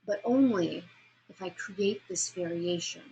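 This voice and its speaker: A woman lecturing a class on vocal delivery, asking students questions and demonstrating sounds, pace and pauses herself. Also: lowish voice, mellow, breathy edge, highs cut off. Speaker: speech instructor.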